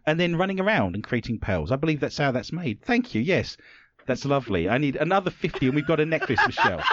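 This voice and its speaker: Guy hosting a comedy podcast, really lively voice, dry dull sound. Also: fairly high pitch, fast talker, background noise. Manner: playful, jokey, puts on silly accents. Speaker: podcast host.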